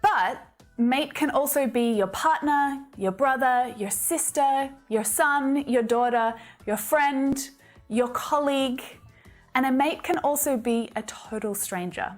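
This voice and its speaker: A woman with an Australian accent, giving an upbeat, scripted English lesson and explaining things clearly. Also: high voice, takes it slowly, soft background music. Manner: upbeat and explanatory, with light laughs. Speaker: English teacher.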